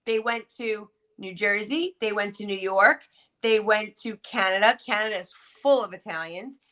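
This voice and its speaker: A woman's voice: mid-range voice, normal speed, fairly bright tone. A woman talking casually as a panelist, emphatic and joking, often repeating words for effect. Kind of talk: casual podcast chat.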